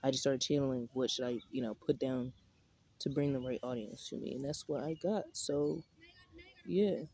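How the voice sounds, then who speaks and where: A man's voice: mid-range voice, moderate pace, darkish tone, breathy edge. Rambling, cursing young man outdoors. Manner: rambling, profane slang-heavy talk with many fillers. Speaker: vlogger. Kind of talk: casual rambling vlog. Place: outdoors in a park.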